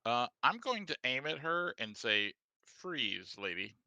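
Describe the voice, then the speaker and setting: A man's voice: mid-range voice, big pitch swings, moderate pace, pushed and bright, dry recording. A man playing a tabletop game, speaking in terse, hesitant bursts. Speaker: player. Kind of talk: casual tabletop play.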